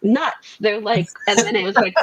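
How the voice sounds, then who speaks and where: A woman guest telling a lively story in casual chat, acting out quotes with laughs. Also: mid-range voice, moderate pace, over a noisy crowd, rough recording.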